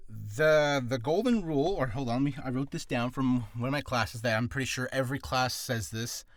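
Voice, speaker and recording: A man's voice: mid-range voice, moderate pace, no echo. A man giving casual spoken advice on voice care in a loose, rambling way, often correcting himself, with a slightly ticklish throat. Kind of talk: casual spoken video lesson.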